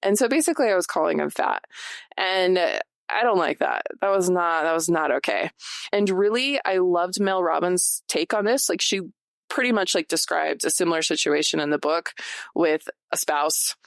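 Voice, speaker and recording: A woman's voice: lowish voice, moderate pace, gravelly, no echo, studio quality. A woman in her forties hosting a podcast, talking casually and confessionally to her listeners with lots of fillers. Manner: chatty, many "like" fillers, confessional. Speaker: podcast host. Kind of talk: casual personal talk to listeners.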